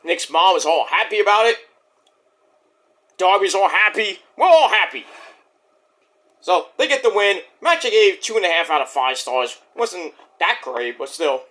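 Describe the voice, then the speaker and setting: A man with a fairly high, bright voice recaps a wrestling show in a loose vlog. His pitch swings widely as he rambles and swears casually. He keeps stumbling through fillers as he goes. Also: big pitch swings, a little slow. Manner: rambling, profane, many fillers.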